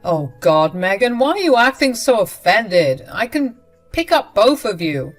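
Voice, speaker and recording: A woman's voice: medium pitch, very animated, a little slow, faint music behind. A woman voicing a dismissive, defensive husband who brushes off his wife's worries in a story narration. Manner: brushing off, curt.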